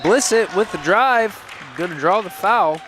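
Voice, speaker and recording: Fast-calling male play-by-play announcer. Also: sits high, expressive, a bit bright, a faint crowd. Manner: brisk, calls each play as it happens, laughs easily. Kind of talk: live basketball play-by-play commentary. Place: high school gym broadcast table. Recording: noisy gym with ball bounces behind.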